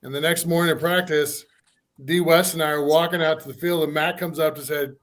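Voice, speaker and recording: Laid-back guy telling an old team story on himself, voice a bit high. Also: fairly even intonation, a little fast, a bit bright. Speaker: former college football player. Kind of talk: casual podcast storytelling.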